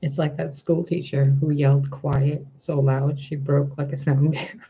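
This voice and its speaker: A man giving a spiritual tarot reading, talking in a gentle, reflective way and asking rhetorical questions. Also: a little high, flat delivery, normal speed, lo-fi sound. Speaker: tarot reader.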